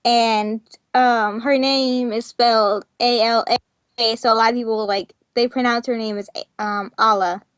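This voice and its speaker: A woman's voice: a little high, steady tone, unhurried, no room sound. A teenage girl chatting casually on a podcast, full of "like" and "um" as she talks. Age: teens. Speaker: student, podcast co-host. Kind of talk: casual chat. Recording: dry, muffled lo-fi recording.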